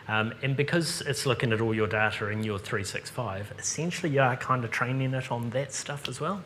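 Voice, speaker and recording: A man's voice: medium pitch, brisk, few pauses, fairly bright tone, slight background noise. A man answering audience questions at a seminar in a casual, chatty way. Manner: casual, chatty, lots of ums. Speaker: seminar presenter. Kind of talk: live seminar Q&A.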